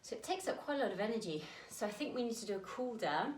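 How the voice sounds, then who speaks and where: A British woman leads little children through a dance class, a touch out of breath and gently encouraging. She sounds set back from the microphone in a roomy space, with a faint hum underneath. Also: fairly high pitch, expressive, fast. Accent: British English. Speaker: dance teacher. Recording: roomy sound, mic at a distance.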